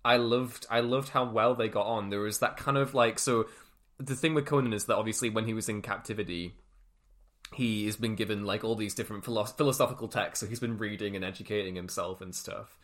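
A man's voice: lowish voice, steady tone, fairly quick, a bit bright. Rambling young man chatting about films. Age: 20s. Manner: enthusiastic, rambling with many fillers and restarts. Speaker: podcast co-host. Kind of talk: casual film discussion.

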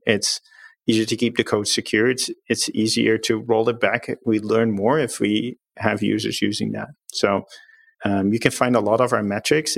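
Low gravelly-voiced executive explaining. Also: male voice, dry recording. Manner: upbeat, plain-spoken explainer. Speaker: company executive, interview guest. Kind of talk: explaining in a remote interview.

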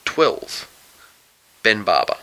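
A man's voice: very slow, sharp tone, poor audio. A man co-hosting a casual sports podcast with dry, wisecracking humour. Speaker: podcast co-host.

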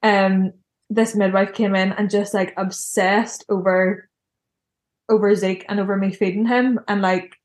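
A woman's voice: medium pitch, steady tone, a little slow. Chatty young woman, echoey room. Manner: chatty, heavy use of "like" fillers. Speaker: guest telling her birth story. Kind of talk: casual personal storytelling.

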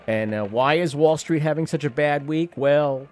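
A man's voice: a little high, moderate pace, darkish tone. A man in his fifties hosting a radio call-in show, talking in a wry, rambling way with profane asides. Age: 50s. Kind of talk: rambling talk radio monologue.

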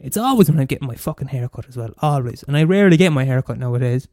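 A man's voice: mid-range voice, animated, very fast, a little mellow, dry recording, clean studio sound. A man from Limerick with a Limerick Irish accent, ranting in a comedic monologue, profane and exasperated, often restarting and repeating himself. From Limerick, Ireland.

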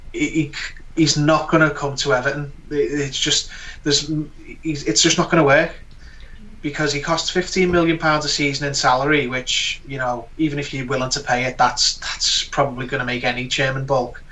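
A man's voice: mid-range voice, bright, forceful tone. A man giving his views as a guest pundit in a casual chat, earnest and full of fillers and restarts. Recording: voice distant from the mic.

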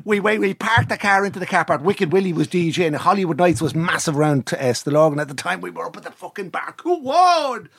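A man's voice: fairly high pitch, quick pace, vocal fry, hardly any pauses, a bit bright, slightly rough, no echo. An Irish man, middle-aged, telling a long anecdote in casual chat, swearing freely and acting out what people said.

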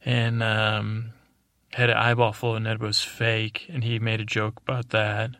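A man hosting a podcast, telling a rambling improvised bedtime story in a meandering, deadpan way. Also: on the low side, a little slow, dry recording. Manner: meandering, deadpan, full of restarts. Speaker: podcast host.

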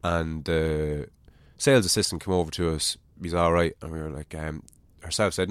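A man's voice: sits low, steady tone, brisk, hardly any pauses, no echo. A man with an Irish accent hosting a casual podcast, probing his guest with chatty questions and casual swearing. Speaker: podcast host.

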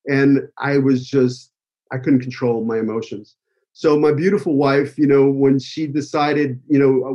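Husky emotional man with a New York accent. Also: mid-range voice, darkish tone, muffled recording. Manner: emotional, rambling, many fillers. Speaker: acting school owner giving a tribute speech. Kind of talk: heartfelt personal speech.

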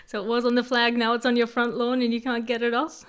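A woman's voice: fairly high pitch, completely flat delivery, fast talker, clean tone. A woman hosting a comedy podcast, interviewing a guest in a playful, mock-serious news anchor tone. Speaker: podcast host.

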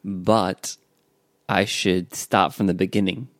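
A man's voice: low-pitched, flat delivery, slow pace, clean studio sound. A man co-hosting a language lesson as the learner, checking meanings and echoing phrases back. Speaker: learner and co-host. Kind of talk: bilingual language lesson chat.

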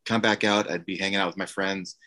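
A man with a bright, forceful edge to a low voice recounts a personal story in a conversation. He talks haltingly and with feeling, stopping and restarting often. His tone is candid and open. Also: fairly even intonation. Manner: halting and emotional, many fillers and restarts. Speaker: actor guest.

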